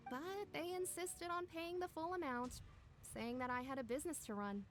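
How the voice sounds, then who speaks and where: High-voiced, polite workshop owner in a game, faint music behind. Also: female voice, expressive, moderate pace. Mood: explaining. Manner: polite, explaining.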